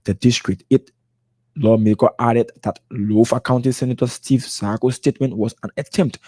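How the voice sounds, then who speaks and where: A male news anchor reads scripted reports. His voice is warm and mellow, with a few stumbles over names. The studio sound is dry. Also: mid-range voice, fairly even intonation, moderate pace, no room sound.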